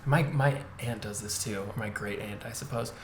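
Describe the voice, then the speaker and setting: A young man co-hosting a podcast, chatting casually and telling a story between laughs. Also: on the low side. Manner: loose, laughing storyteller who does quick funny voices. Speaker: podcast co-host. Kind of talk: casual chat. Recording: roomy sound with faint noise.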